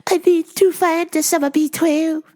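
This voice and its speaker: A woman voicing a fussy older female customer who keeps asking questions in high, slow, broken English. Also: steady tone, darkish tone. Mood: fussy, insistent.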